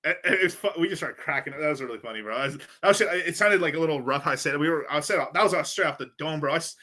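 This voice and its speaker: A man's voice: a little high, fast, pushed and bright. A man from the United States, a crypto livestreamer, ranting casually with lots of swearing, rambling and frequent laughter. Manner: profane, rambling, laughs often.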